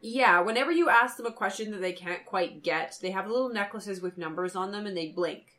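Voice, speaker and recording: A woman co-hosting a casual podcast chat, animated and playful, breaking into silly robot noises as she retells scenes. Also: mid-range voice, brisk. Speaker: podcast co-host.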